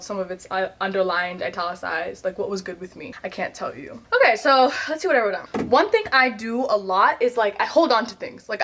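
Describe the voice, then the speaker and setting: A woman, telling candid stories about herself in a vlog, swinging between loud outbursts and quiet asides. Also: medium pitch. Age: 20s. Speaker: vlogger.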